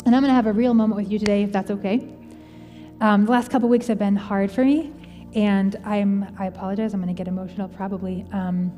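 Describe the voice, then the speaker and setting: A woman's voice: medium pitch, dark tone. A woman in her thirties preaching a sermon in a conversational, earnest and personal way, as a pastor speaking to her congregation. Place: church auditorium. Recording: large hall with long reverb.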